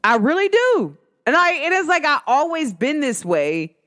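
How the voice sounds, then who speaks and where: A woman, telling a rambling personal story in casual chat, full of fillers and jumping high when she quotes people. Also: moderate pace. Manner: chatty, rambling, lots of "like" fillers; animated, swoops high when quoting others.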